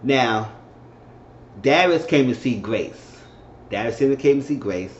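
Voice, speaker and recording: A man's voice: lively intonation, slow. Chatty man recapping a show in a roomy room. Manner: chatty, repeats himself, acts out characters' lines in a high falsetto. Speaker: TV episode reviewer. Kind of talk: casual episode recap. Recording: muffled, roomy recording with faint hiss.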